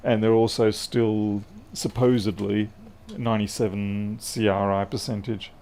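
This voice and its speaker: A man's voice: fairly low pitch, little pitch movement, unhurried, darkish tone, slight background noise. A middle-aged Australian man with an Australian accent, chatting casually and self-deprecatingly on a repair livestream. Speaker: electronics repair streamer. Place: indoor workshop.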